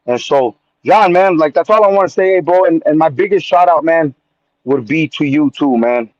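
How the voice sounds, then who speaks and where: An animated male caller who tells his story in loose slang, full of man and homie. His pitch sits a little high, and the sound comes through dull and dry, like a call patched into the show. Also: moderate pace, no room sound. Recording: muffled phone-line call.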